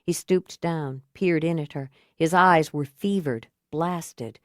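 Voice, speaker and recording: In a low voice, a woman reads a thriller audiobook with calm, even, measured storytelling. The scripted narration is recorded dry, at studio quality.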